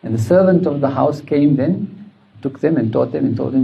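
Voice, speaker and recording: Gravelly-voiced man teaching a religious lesson. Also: mid-range voice, lo-fi sound. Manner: retells anecdotes with quoted dialogue, measured.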